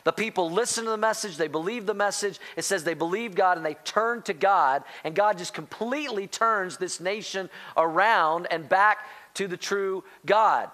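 A man preaching a sermon as pastor, animated, talking straight to the congregation and calling out to them. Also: high voice, normal speed, hardly any pauses. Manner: animated, rising to near-shouting excitement; addresses congregation directly as church.

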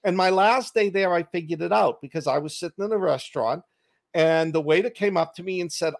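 A man's voice: high voice, fairly quick, gravelly. A man with a Boston accent, an author chatting as a guest on a video call and telling stories with jokes at his own expense. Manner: jokey storyteller, laughs at himself. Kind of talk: casual interview chat. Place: home desk on a video call.

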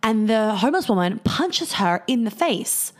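A woman's voice: fairly high pitch, big pitch swings, normal speed. A woman speaking candidly to her viewers in a casual monologue, telling stories and swearing freely. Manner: candid, swears often, storytelling.

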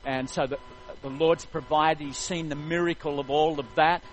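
A man preaching a sermon, retelling a story in an animated, jokey way. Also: a little high, normal speed, soft background music, poor audio.

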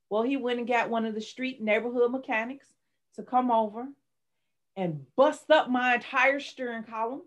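A middle-aged woman, candidly telling her life story in an interview with dramatic retellings. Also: on the high side. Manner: candid, dramatic retelling, rising to shouts when reliving anger. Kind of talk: personal testimony in an interview.

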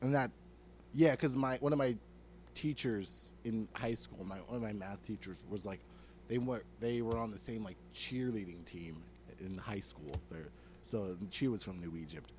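A man's voice: on the low side, moderate pace, darkish tone, a little hiss or hum. A man from New Jersey co-hosting a comedy podcast, swearing freely and ranting in exasperated disbelief. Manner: profane, rants with exasperated disbelief. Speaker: podcast co-host. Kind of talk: casual comedic chat.

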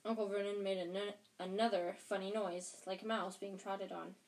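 A woman's voice: mid-range voice, flat delivery, moderate pace, hardly any pauses, a little mellow. A woman reading a children's novel aloud for her podcast, in a plain, unpolished style with frequent restarts. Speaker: audiobook reader and podcast host. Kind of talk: casual audiobook reading.

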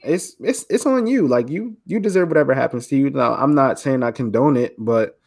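A young man talks casually as a podcast co-host, loose and slangy, his speech full of fillers. He tells stories in an easy, relaxed chat. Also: mid-range voice, fairly quick, vocal fry.

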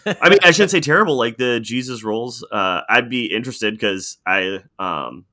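A man's voice: mid-range voice, expressive, normal speed, sharp tone. A man co-hosting a casual podcast about movies, joking and laughing easily as he hunts for names. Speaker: podcast co-host.

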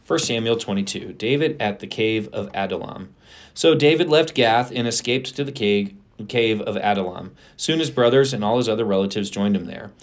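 A man co-hosting a podcast, reading scripture aloud in a plain, steady way with small asides. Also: lowish voice, normal speed. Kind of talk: Bible reading with light banter.

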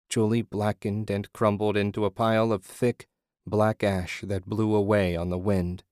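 A man narrating a horror story in a steady, measured reading. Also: on the low side, dry recording, clean studio sound.

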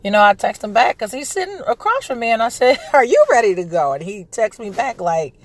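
A woman's voice: a little high, big pitch swings, a little fast, no room sound. Woman in her thirties, casual podcast host, slightly congested voice, dry close recording. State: recovering from a respiratory illness, throat clearing. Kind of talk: casual monologue.

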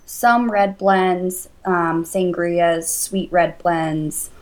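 A woman's voice: lowish voice, fairly even intonation, drawn-out words. A woman guest on a podcast, listing items casually with fillers. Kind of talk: casual interview chat.

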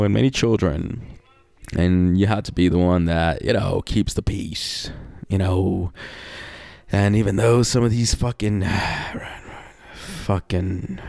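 This casual personal monologue comes from a man whose low, gravelly voice has a darkish tone. He speaks slowly and rambles, swearing often and leaning on "you know", with wry, reflective sighs and laughs between thoughts. The audio is dry, close and echo-free.

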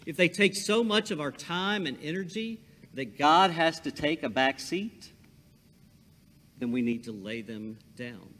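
A man preaching a sermon, telling stories with lively emphasis. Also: fairly high pitch, a little slow. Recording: long hall reverb.

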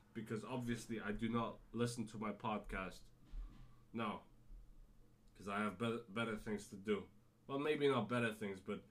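A man with a British-leaning accent that slips toward American now and then hosts his own podcast. He rambles excitedly, swears freely and keeps restarting his sentences. His voice sits at an ordinary middle pitch for a man. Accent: British-leaning, sometimes drifting American. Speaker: podcast host. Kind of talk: casual solo podcast monologue.

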